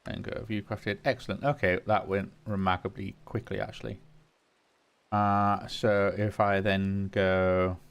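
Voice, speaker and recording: Low-voiced man musing over gameplay. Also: little pitch movement, measured pace, gravelly, smooth. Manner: muses aloud, talks to game items. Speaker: gaming channel host. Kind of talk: casual gameplay commentary.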